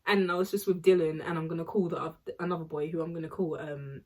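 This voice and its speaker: Chatty husky young woman telling a story. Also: sits low, steady tone, quick pace, darkish tone. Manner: chatty, rambling, full of fillers and laughs. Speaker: vlogger. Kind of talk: storytime vlog.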